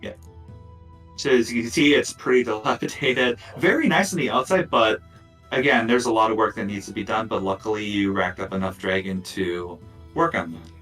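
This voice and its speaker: A man narrating as dungeon master of a tabletop game, casual and relaxed, with lots of fillers and asides. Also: lowish voice, moderate pace, far from the mic, faint music behind, poor audio.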